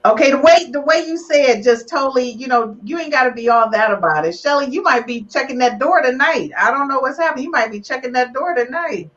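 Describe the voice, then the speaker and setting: A woman's voice: high voice, animated, brisk, few pauses, fairly bright tone, dull audio. A woman hosting a live relationship podcast, teasing her guests and getting emotional. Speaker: podcast host.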